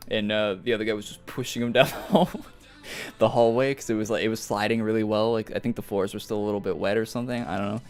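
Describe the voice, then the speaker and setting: Talking fast in a fairly low, steady, clean voice, a young man streams a game and chats casually, rambling through school stories with laughs. Faint music plays behind him.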